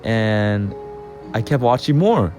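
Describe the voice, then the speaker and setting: A young man telling a casual personal story over gameplay, excitable and rambling, often repeating his phrases. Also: on the low side, slow, soft background music. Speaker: channel host.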